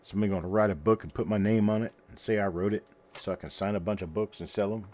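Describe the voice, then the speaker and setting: Low-voiced folksy man on a livestream. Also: steady tone, fast talker, darkish tone. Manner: folksy and rambling, talks to viewers. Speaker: host of a coin roll hunting livestream. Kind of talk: casual livestream chat.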